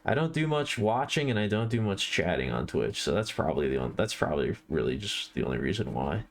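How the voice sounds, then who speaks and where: A man's voice: deep voice, sing-song, brisk, vocal fry. A man live-streaming, talking casually to his chat while he draws, often restarting and correcting himself. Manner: rambling, self-correcting, talks to viewers while drawing. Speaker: livestreamer.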